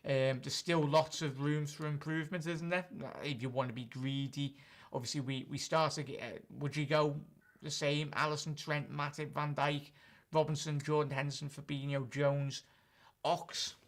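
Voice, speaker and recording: A man's voice: on the high side, little pitch movement, moderate pace. Chatty man hosting live. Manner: chatty, answers viewer comments directly. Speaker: fan channel host. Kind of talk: live-stream football chat.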